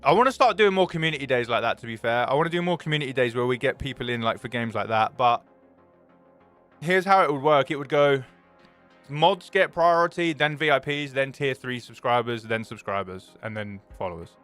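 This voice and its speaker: A young man, live streaming and chatting casually with viewers, greeting them by name and telling excitable stories. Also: mid-range voice, a little fast, soft background music.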